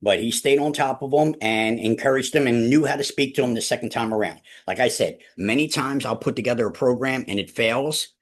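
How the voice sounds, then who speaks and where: A man leading a real estate team meeting, emphatic and repetitive, often addressing the room as ladies and gentlemen. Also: mid-range voice, brisk, few pauses. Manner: emphatic, repeats key phrases, addresses listeners as ladies and gentlemen. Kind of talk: motivational team meeting talk.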